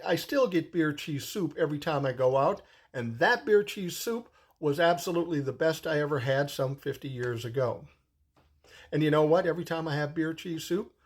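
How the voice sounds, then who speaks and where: A man's voice: fairly high pitch, breathy edge. A man in his sixties telling a personal story in a casual, rambling way, swearing freely as he goes. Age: 60s. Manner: profane, rambling, conversational.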